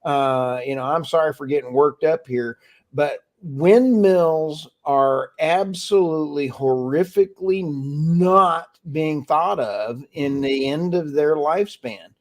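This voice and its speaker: A man's voice: a little high, takes it slowly. A man co-hosting a podcast, ranting with passion and then apologizing for getting worked up. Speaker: podcast co-host. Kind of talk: casual chat.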